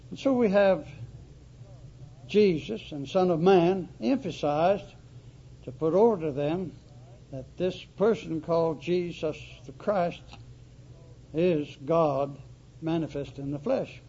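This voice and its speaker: A man preaching a sermon, emphatic and deliberate, stressing words through repetition. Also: on the high side, dark tone, husky. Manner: emphatic, slow, dramatic repetition. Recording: dull lo-fi recording.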